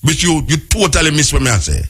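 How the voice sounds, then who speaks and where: A Jamaican man hosting a call-in radio show, talking with animated, argumentative energy at a raised pitch. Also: fast talker, breathy edge, soft background music. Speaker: radio talk show host. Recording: radio broadcast.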